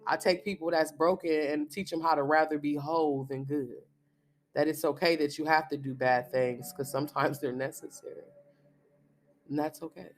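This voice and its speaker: A man's voice: a little high, steady tone, moderate pace, slight background noise. A man in his thirties, a spiritual reader, giving a blunt, profane, emphatic monologue. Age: 30s.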